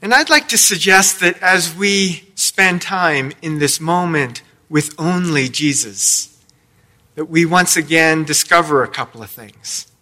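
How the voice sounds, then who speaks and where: A male pastor delivers a sermon in an unhurried, measured way, his voice bright and ringing. He tells the story with playful, light-hearted asides. His pitch sits a little above the usual for a man. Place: church sanctuary.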